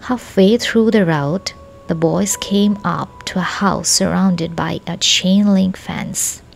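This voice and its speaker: A woman narrating a children's story in a slow, deliberate reading, now and then dropping into a soft whisper. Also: lowish voice, creaky. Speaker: audiobook narrator.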